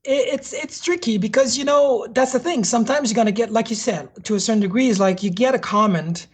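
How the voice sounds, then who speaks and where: A woman's voice: on the high side, brisk, a little mellow, husky. A woman with a French accent, a hardware developer being interviewed, talking bluntly and candidly in casual conversation. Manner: blunt and candid, swears freely.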